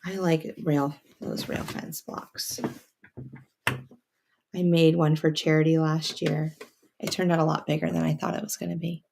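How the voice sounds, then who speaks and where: A woman's voice: low voice, level tone, a little slow, vocal fry, a little mellow. A woman, hosting a casual quilting livestream from her home sewing room and chatting to viewers. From North Carolina. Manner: chatty, reads viewer comments aloud. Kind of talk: casual chat while sewing. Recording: faint sewing machine noise.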